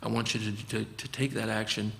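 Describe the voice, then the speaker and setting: A man's voice: lowish voice, flat delivery, a little fast, vocal fry, bright, forceful tone, big-room sound. A man, a physician guest, talking earnestly and explaining his approach, often acting out conversations with patients. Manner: earnest, acts out dialogues with patients.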